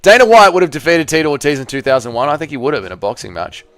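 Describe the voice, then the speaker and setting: A man's voice: fairly high pitch, sing-song, rapid-fire, a bit bright, no room sound. A man hosting a casual livestream, reading out viewer comments and answering in a blunt, sarcastic way while swearing freely. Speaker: livestream host.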